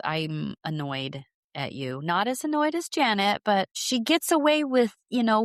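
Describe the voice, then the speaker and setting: A woman's voice: on the low side, smooth, dry recording, studio quality. A woman co-hosting a podcast, bluntly giving her opinions on reality TV in casual chat. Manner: blunt, emphatic, quick agreements. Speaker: podcast co-host.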